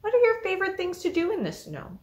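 A woman librarian leading a children's story time alone in an empty library, telling the story in an animated way. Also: extremely high pitch, quick pace. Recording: echoey library room.

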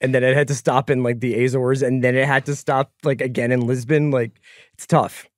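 A man's voice: mid-range voice, level tone, fairly quick, no echo, clean studio sound. A man co-hosting a casual movie podcast, dropping wry jokes and playful quips. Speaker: podcast co-host.

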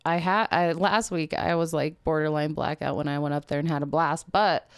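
A woman in her thirties, a stand-up comic chatting as a podcast guest, telling stories in a profane, animated way and acting out other people. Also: deep voice, normal speed, clear, resonant tone. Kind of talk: casual chat.

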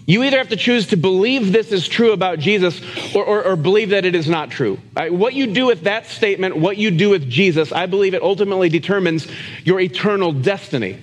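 A man's voice: sits high, lively intonation, a little fast. A man preaching a sermon as pastor, in an earnest, conversational and self-deprecating way, often restarting his sentences. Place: church sanctuary. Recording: long reverb of a church hall.

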